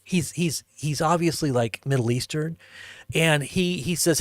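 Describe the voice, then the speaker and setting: A man's voice: a little high, measured pace, no echo, studio quality. A man hosting a livestream, telling a rambling story and chuckling as he talks to viewers in the chat. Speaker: livestream host. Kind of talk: casual storytelling to a live chat.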